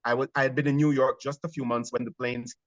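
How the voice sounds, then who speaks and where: A man's voice: medium pitch, fast, dry recording. Jamaican man with a dull, dry sound. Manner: animated storytelling with hesitations. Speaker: theater actor guest. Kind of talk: conversational interview.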